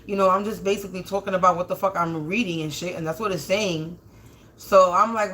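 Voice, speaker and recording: Hosting a livestreamed spiritual reading, this woman speaks at medium pitch and a moderate pace with a pushed, bright quality. Her tarot-style session turns into a profane, indignant ramble full of restarts and stutters.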